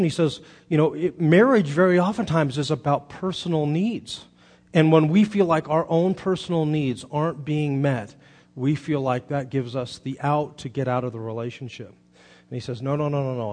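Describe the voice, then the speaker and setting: A man's voice: fairly high pitch, a little mellow. A man in his thirties preaching a sermon as pastor, telling stories earnestly with frequent restarts.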